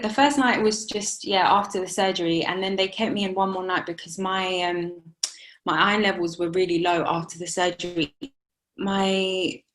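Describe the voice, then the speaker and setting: A young woman in an interview, telling her own story in a halting way with many restarts. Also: medium pitch. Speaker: interview guest, new mother. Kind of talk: emotional personal interview.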